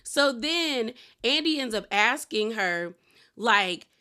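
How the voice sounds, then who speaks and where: Bright-voiced chatty woman recapping reality TV. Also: on the high side, lively intonation, takes it slowly, clear, resonant tone. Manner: chatty, opinionated, retells scenes with quoted lines. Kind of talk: casual recap commentary.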